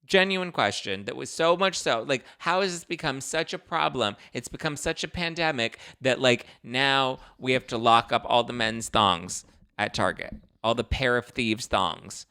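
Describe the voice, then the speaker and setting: Animated ranting male podcast host. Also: medium pitch, moderate pace, clear, resonant tone, no room sound, studio quality. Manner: animated ranting, comic put-on quotes. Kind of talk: casual chat.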